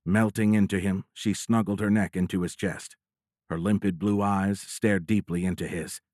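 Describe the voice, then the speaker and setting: Low-voiced man narrating an audiobook. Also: no echo, clean studio sound. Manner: steady, measured storytelling.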